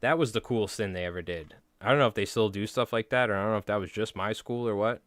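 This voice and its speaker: A man's voice: lowish voice, fast, a bit bright, dry recording, soft background music. A young adult man hosting a live stream, chatting casually and rambling through stories full of filler words and swearing. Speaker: livestream host. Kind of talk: casual chat while tying flies on a live stream.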